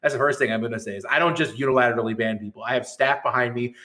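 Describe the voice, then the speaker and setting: A man's voice: medium pitch, racing, sharp tone. Heated, profane middle-aged man ranting. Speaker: guest, tournament administrator. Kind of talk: ranting podcast guest.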